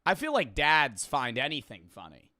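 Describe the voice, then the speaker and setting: A young man hosting a video, giving casual, animated reaction commentary. He swears and laughs as he talks. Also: fairly high pitch, moderate pace, no room sound, clean studio sound. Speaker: YouTube host.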